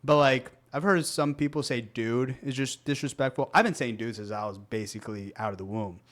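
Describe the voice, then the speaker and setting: A young man co-hosting a podcast, talking casually, animated and often laughing, mimicking rude tones. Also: medium pitch, brisk. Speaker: podcast co-host.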